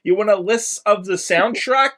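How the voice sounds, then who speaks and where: A man's voice: high voice, normal speed, pushed and bright. A man co-hosting a podcast in casual chat, laid-back and matter-of-fact. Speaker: podcast co-host.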